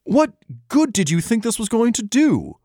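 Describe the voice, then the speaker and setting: A man's voice: very high-pitched, very animated, moderate pace, mellow, no echo, studio quality, pitched above the performer's own voice. A man voicing a drunk, contemptuous duke who rants and swears in exasperation. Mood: furious ranting. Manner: exasperated, swearing, slurred ranting.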